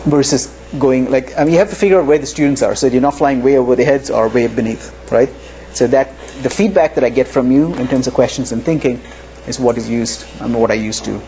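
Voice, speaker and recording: A man with a medium-pitched, warm voice teaches a live physics class, speaking conversationally and frequently checking in with "right?". Faint room noise from the lecture hall can be heard.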